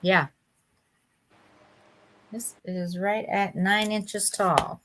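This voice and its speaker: A woman co-hosting a live vintage sale in casual chat, unhurried and quick to laugh. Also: mid-range voice, fairly even intonation, a bit bright, slight background noise.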